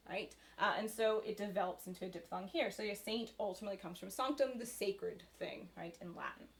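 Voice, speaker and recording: A woman giving a recorded university lecture in a conversational way, with frequent fillers and "right?" tag questions. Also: a little high.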